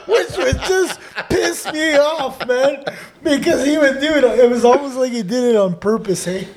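A man's voice: extremely high pitch, measured pace. Laid-back man who tags lines with "eh". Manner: laid-back, ends phrases with "eh?", turns loud and laughing when telling stories. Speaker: podcast co-host teaching Odawa. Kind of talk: casual conversational chat.

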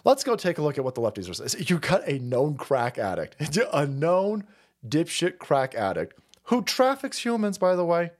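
A man's voice: sing-song, moderate pace. A man running a profane, mocking political commentary stream. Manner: mocking, swearing, laughing, swings loud and low.

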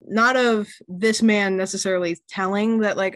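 A woman game master narrating a tabletop game in a relaxed, descriptive, chatty way. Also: mid-range voice, normal speed, no room sound.

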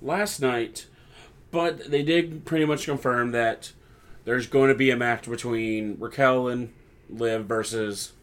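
A young man talks through a wrestling recap in a loose, chatty podcast style, slipping into little acted-out voices whenever he quotes someone. His voice sits at an ordinary middle pitch. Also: steady tone, takes it slowly. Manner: chatty, acts out quoted lines. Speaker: podcast host. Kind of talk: casual wrestling recap chat.

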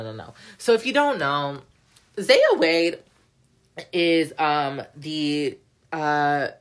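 A woman's voice: low voice, a bit bright. A young woman hosting a solo podcast, ranting heatedly and profanely, filling every sentence with "like" and "bro.". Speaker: podcast host. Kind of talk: casual solo podcast rant.

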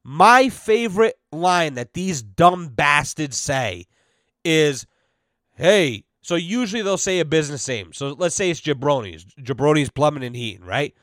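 A man's voice: fairly high pitch, expressive, a little slow, fairly bright tone, no echo, studio quality. Blunt, cursing man ranting. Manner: blunt, cursing, exasperated storytelling with quoted voices. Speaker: podcast host. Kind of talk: casual profane podcast rant.

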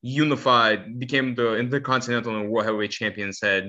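A man's voice: mid-range voice, steady tone, a little fast, bright, forceful tone. A man co-hosting a casual talk show, explaining his views earnestly with many restarts. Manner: earnest and analytical, with frequent restarts. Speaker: podcast co-host. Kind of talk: casual chat. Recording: dull lo-fi sound.

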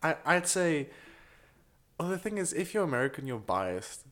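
Young male podcast co-host, playful, quick with jokes and silly voices. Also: on the high side, very animated, fairly bright tone. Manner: jokey, slips into silly accents. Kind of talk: casual chat.

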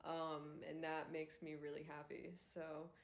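A woman's voice: low voice, monotone, measured pace. A young woman hosting a solo podcast, talking candidly and rambling with many fillers. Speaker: podcast host and influencer. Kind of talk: casual solo podcast monologue. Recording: roomy echo.

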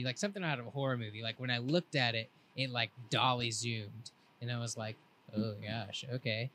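A young man on a podcast, telling a long rambling story in a casual, laid-back way and quoting his friends in lively voices. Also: medium pitch, slight background noise. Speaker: podcast co-host.

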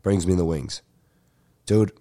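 A young man, telling a comic story as a podcast host in an animated, profane rant. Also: sits low, slow pace. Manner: animated ranting with frequent profanity. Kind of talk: ranting comedic storytelling.

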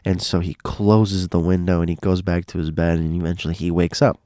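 Low-voiced man, rambling storyteller. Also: little pitch movement, a little fast, mellow, no room sound, clean studio sound. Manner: rambling, repeats and restarts phrases. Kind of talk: casual spoken storytelling.

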